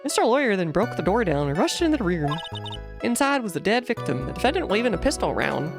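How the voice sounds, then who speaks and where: A woman's voice: medium pitch, very animated, quick pace, music in the background, pitched above the performer's own voice. A woman voicing a blunt, plain-spoken male witness in a video game, in clipped statements. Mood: insistent.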